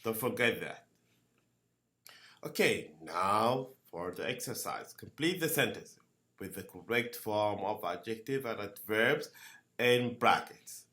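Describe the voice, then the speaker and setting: A man teaching a grammar lesson. He speaks slowly, repeats each word and keeps asking "okay?". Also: on the low side, expressive, bright, forceful tone. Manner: slow, repeats words and asks "okay?" often. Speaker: English teacher.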